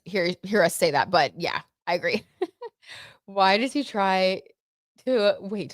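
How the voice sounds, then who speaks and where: A woman's voice: mid-range voice, no echo, clean studio sound. A young woman hosting a casual livestream, chatting about tarot and celebrity gossip with lots of "like" and "you know.".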